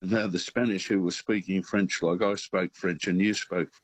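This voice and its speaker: A man's voice: low voice, fairly even intonation, moderate pace, husky, dry recording. A man calling a radio show, telling a rambling story full of fillers. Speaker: caller.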